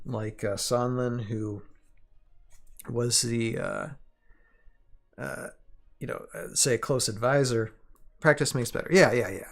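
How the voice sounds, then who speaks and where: A man's voice: medium pitch, creaky. A man hosting a casual livestream, talking through game lore and reacting to chat in a self-deprecating way. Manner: self-deprecating, many fillers and restarts.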